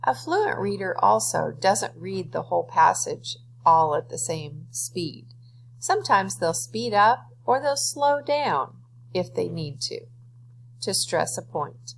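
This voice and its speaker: A woman's voice: fairly low pitch, lively intonation, takes it slowly, creaky, slight background noise, rough recording. A woman teacher giving a reading lesson, explaining step by step to her students and then reading a poem aloud.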